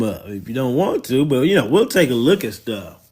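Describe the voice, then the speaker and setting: A man's voice: mid-range voice, animated, unhurried. Profane Southern man on a livestream. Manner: loose, profane, mocking, laughs often. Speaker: livestream host. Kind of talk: casual livestream talk.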